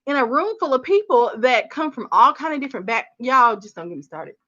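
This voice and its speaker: A woman's voice: high-pitched, sing-song, a little fast, pushed and bright, dull audio. A woman hosting a casual gardening livestream, chatting animatedly with her viewers and calling them honey and y'all. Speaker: gardening channel host.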